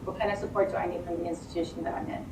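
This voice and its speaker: A woman's voice: lowish voice, very fast, creaky. Chatty woman speaking in a roomy hall. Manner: animated, chatty, with repeated words and rhetorical questions. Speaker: lecturer speaking to a live audience. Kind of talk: conversational presentation. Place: meeting room with an audience. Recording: roomy hall, distant mic, faint room noise.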